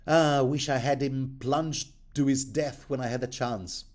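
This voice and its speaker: A man's voice: medium pitch, steady tone, measured pace, darkish tone, close to an everyday voice. A man voicing an unstable middle-aged noblewoman who swings from doting to menacing. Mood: gleeful. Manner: cooing then suddenly threatening.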